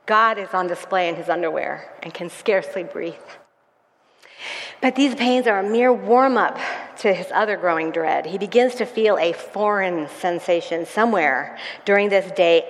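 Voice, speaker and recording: A woman leading a Bible study, earnestly reading a devotional passage aloud to her group. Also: medium pitch. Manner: earnest, grows emotional while reading. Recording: echoey hall.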